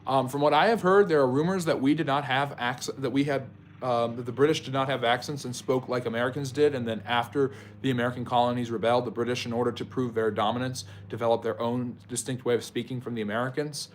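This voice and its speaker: A man's voice: mid-range voice, steady tone, quick pace, slight background noise. A man hosts a live history stream, speaking in a mid-range voice. He answers chat questions one by one, addressing viewers by name. His long explanations are dotted with ums and mid-sentence restarts. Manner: explains at length, with frequent ums and self-corrections. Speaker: history channel host.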